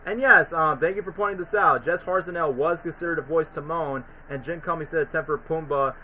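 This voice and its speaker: A man's voice: fairly high pitch, a little fast, bright, forceful tone, a little hiss or hum, low-quality recording. A man chatting casually on a stream, rambling about cartoons with lots of fillers. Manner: rambling, often sings and acts out cartoon lines. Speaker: streamer host.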